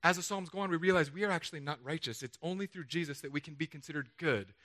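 A pastor in his thirties delivers a sermon from a church stage, his voice high and pushed hard with a bright, tense edge. He is animated and playful, slipping into voices for the quotes and cracking jokes with the crowd. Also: quick pace. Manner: animated, jokey, acts out the quotes he reads. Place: church stage under hot lights.

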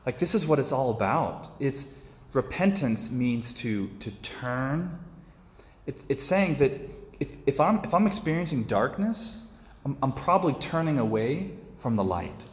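A man's voice: medium pitch, sing-song, measured pace. A man preaching a homily in a loose, conversational way, full of fillers and restarts. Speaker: priest. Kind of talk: sermon. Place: church. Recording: echoey church hall.

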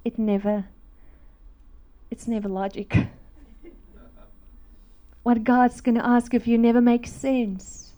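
A woman's voice: a little high, steady tone, slow, long pauses, warm tone. A woman, telling a personal faith story as a sermon and acting out the voices in it. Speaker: speaker at a church. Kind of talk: testimony sermon.

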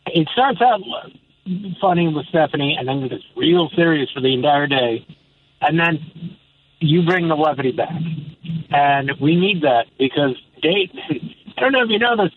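A man calling in to a radio show from his car, chatting casually and hesitantly, with lots of fillers. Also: a little high. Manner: hesitant, rambling, many fillers. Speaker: radio caller. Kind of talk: casual call-in chat. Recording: tinny phone line.

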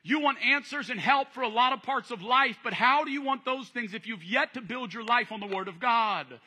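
A male pastor preaching a sermon, telling stories with animated acted-out voices. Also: very high voice, moderate pace, breathy edge. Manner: animated storytelling, acting out voices. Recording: long hall reverb.

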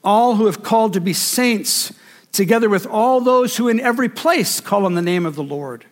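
A man's voice: sits high, expressive, moderate pace. A male pastor delivering a sermon to a congregation, with emphatic, rhythmic preaching built on lists and repetition.

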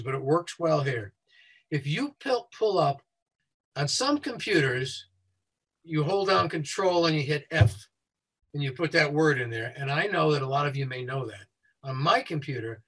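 Husky man speaking fast and explaining. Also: on the high side, fairly bright tone, poor audio. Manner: talks quickly and explains things step by step. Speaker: safety consultant. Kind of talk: guest explaining a website walkthrough.

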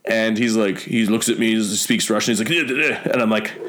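A man's voice: fairly low pitch, little pitch movement, a little fast. A young Canadian man telling stories in a casual chat, rambling with many fillers and the odd swear word. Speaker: guest.

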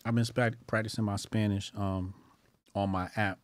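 A man hosting a casual live stream, talking loosely with lots of fillers and jumping high for comic emphasis. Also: moderate pace, no room sound. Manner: animated, jumps pitch for comic emphasis; loose and profane, with many fillers. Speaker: streamer host.

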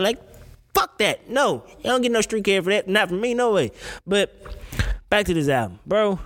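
A man's voice: sits high, fairly bright tone. A man hosting a casual talk show, ranting in an emphatic, profane, slang-heavy way. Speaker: podcast host. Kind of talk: casual opinion rant.

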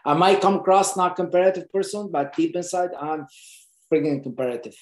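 The voice is mid-range, a touch quick and a little mellow, belonging to an earnest presenter chatting to camera about job interviews without a script. He circles back to key points to stress them and often restarts his sentences. The recording has a roomy echo.

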